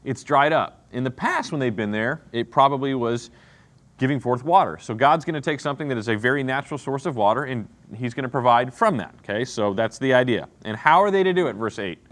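A man's voice: medium pitch, lively intonation, fairly quick, a bit bright. A man teaching an interactive Bible lesson, asking the class questions and often checking in with "okay?" and "right?".

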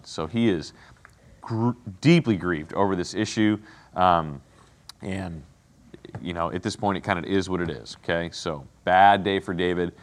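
Guy teaching bible study, lowish voice, chatty, keeps asking okay? right?. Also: normal speed. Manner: conversational, checks in with "okay?" and "right?". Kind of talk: casual teaching with commentary.

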